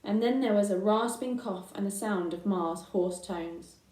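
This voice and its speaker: A woman reading a children's book aloud in an unhurried way, with fillers between phrases. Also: mid-range voice, dark tone, distant mic. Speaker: reader. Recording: echoey room, voice from afar.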